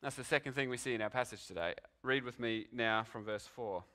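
Man, pastor, sermon, dramatic storytelling, bright forceful voice. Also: mid-range voice, fairly quick. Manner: dramatic storytelling with rhetorical questions.

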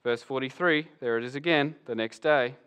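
A man preaching a sermon as pastor, animated and acting out the voices of Bible figures. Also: medium pitch, normal speed, smooth.

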